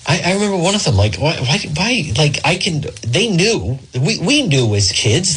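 A middle-aged man from Rhode Island holds forth on talk radio, his voice slightly husky as he wanders from one tangent to the next. His pitch rises and falls in a lively way as he tells a story. He drifts off the point and keeps circling back to it. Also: normal speed, hardly any pauses, rough recording. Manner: rambling, digressive storyteller. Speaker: radio talk show host.

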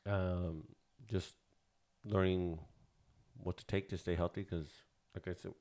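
A man's voice: low voice, flat delivery, slow, a little mellow. A man in his thirties co-hosting a casual podcast, rambling and swearing freely, with lots of fillers. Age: 30s. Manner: loose, profane and rambling, with many fillers. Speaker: podcast co-host.

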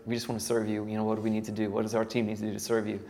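A man's voice: on the low side, completely flat delivery, very fast, gravelly, darkish tone. A man in his thirties, a worship pastor, telling his story casually to a church audience with many fillers and self-deprecating asides. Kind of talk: church talk. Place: church hall. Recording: hall reverb, faint ambient noise.

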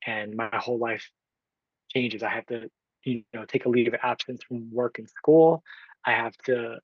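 This podcast guest, a man in his twenties from Oakland, California, speaks at a normal speed with a medium pitch, a steady tone, and a breathy edge. He earnestly recounts something that happened to him, quoting other people's words and filling gaps with frequent fillers. The audio is dry and lo-fi.

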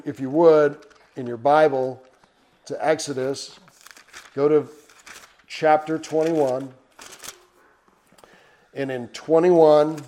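A man preaching a sermon, asking rhetorical questions and often dropping his voice to a hush. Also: medium pitch. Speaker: pastor.

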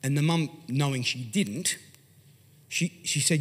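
An Australian pastor telling a story in an animated, conversational sermon, swinging from loud to hushed. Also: male voice, medium pitch, moderate pace, breathy edge. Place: large church hall. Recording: long hall reverb.

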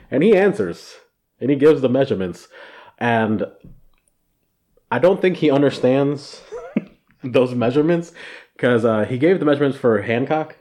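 A man co-hosting a casual podcast chat, animated, swearing freely and laughing through his lines. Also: mid-range voice, normal speed, long pauses. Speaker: podcast co-host.

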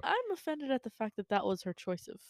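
A woman's voice: a little high, big pitch swings, brisk, dry recording, studio quality. Blunt, cursing woman co-host. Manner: blunt, profane reactions. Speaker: podcast co-host. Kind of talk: casual chat.

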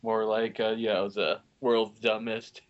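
A man speaks very slowly and haltingly, pausing and restarting as he chats with friends over a movie. His voice sits mid-range, and the recording sounds dull and lo-fi. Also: on the low side, flat delivery. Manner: hesitant, halting, chuckling. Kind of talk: casual chat.

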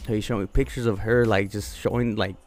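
A man telling a crude story in casual chat, rambling and profane, loudly acting out what people said. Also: fairly low pitch, steady tone, fairly quick. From Zacatecas, Mexico family roots. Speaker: podcast co-host.

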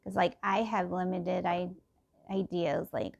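A woman's voice: lowish voice, level tone, a little slow, creaky, darkish tone, highs cut off. A middle-aged woman thinking aloud in a casual personal podcast, meandering and full of fillers and restarts.

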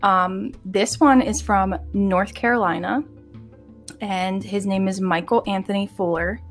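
A woman's voice: medium pitch, unhurried, soft background music. Bubbly, giggly American woman. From United States. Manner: bubbly, giggly, rambling with fillers. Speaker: podcast host. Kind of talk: casual chat.

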